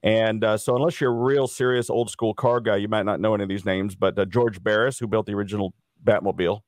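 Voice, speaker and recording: A middle-aged man from Dallas telling stories in a casual interview, lively and acting out the people he quotes. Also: fairly low pitch, quick pace, no echo, studio quality. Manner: animated anecdote teller, acts out quoted people. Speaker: interview guest.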